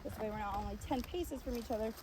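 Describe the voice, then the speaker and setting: Fast-talking woman trainer explaining. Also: fairly high pitch. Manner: brisk explanatory talk. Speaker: dog trainer. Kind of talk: instructional explanation. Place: outdoors. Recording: outdoor from a distance, crowd noise.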